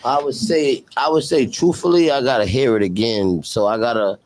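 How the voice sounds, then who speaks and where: A man's voice: medium pitch, fairly even intonation, normal speed, a little mellow, rough recording. A man as a podcast guest, hesitant and candid, declining to give a score in casual chat.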